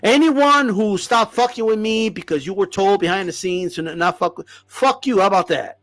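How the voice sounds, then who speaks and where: A man's voice: sits high, normal speed, fairly bright tone, dry recording. A man hosting a boxing channel, ranting to the camera with heavy swearing and lots of repetition. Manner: profane, heated, repeats himself.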